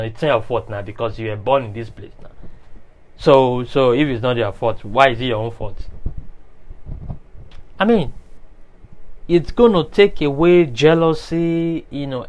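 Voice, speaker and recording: A man's voice: medium pitch, a little mellow, low-quality recording. A man giving a motivational monologue, speaking straight to the listener, and repeating his key phrases for emphasis. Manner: preachy, talks straight to the listener.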